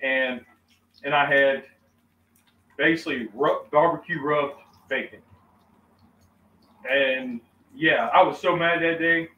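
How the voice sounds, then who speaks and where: A man's voice: fairly high pitch, takes it slowly, pauses often, narrow, tinny audio. A middle-aged man hosting a cooking chat, telling a story animatedly and acting out quoted exchanges. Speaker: host of a cooking channel. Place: outdoors at a cookout. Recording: echoey, distant mic, faint ambience.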